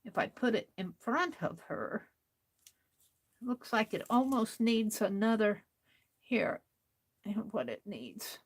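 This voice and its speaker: A tired woman hosting a late-night crafting livestream, talking softly to herself as she works. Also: mid-range voice, animated, slow, long pauses, breathy edge. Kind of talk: casual talk while crafting live.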